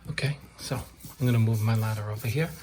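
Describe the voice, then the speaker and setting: A man's voice: lowish voice, fast, dark tone, a little hiss or hum. A man installing wallpaper and explaining it in a casual how-to tutorial, joking and playful, often dropping to a murmur while he works. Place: room being wallpapered, indoors.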